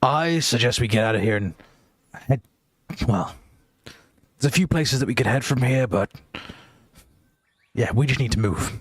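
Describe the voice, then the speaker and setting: A man's voice: mid-range voice, moderate pace, long pauses, husky, no room sound, studio quality, close to an everyday voice. A man voicing a grim, urgent survivor. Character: male survivor scanning security logs, grim and urgent.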